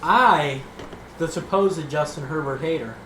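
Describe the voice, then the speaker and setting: A man's voice: a little high, a little slow, echoey room, background noise. A man on a casual sports podcast panel, teasing and needling the others.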